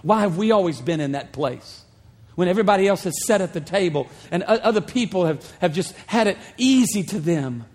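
A man preaching a sermon as a pastor, retelling the story in a conversational, animated way with humorous asides. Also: high voice, a little fast. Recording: long hall reverb.

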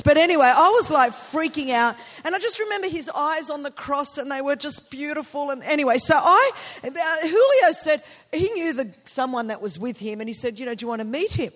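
A middle-aged woman from Australia, a pastor preaching a sermon with personal stories, animated and building to passionate, shouted declarations. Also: high-pitched, fairly quick.

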